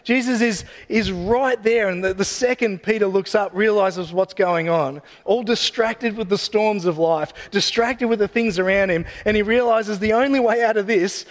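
A man's voice: sits high, moderate pace, hardly any pauses. A man giving a casual, joking sermon that retells a story and ends in prayer. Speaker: preacher. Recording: long hall reverb.

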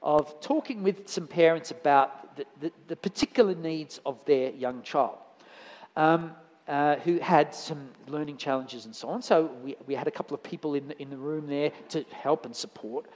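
A man's voice: fairly high pitch, normal speed, a little mellow. A man giving a conversational sermon in church, telling anecdotes with frequent restarts. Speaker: lay preacher. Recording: church hall reverb.

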